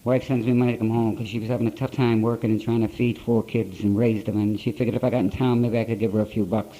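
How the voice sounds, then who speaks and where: Mellow-voiced man telling a blunt story. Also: fairly low pitch, level tone, fast, low-quality recording. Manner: blunt storytelling in plain rough grammar. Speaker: speaker at a recovery conference. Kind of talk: personal recovery story told to an audience. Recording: old conference tape.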